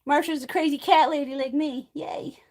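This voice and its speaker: A woman's voice: high-pitched, fairly even intonation, moderate pace. A woman hosting a live stream from home, chatting casually, swearing freely and laughing often. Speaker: livestream host. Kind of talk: casual chat.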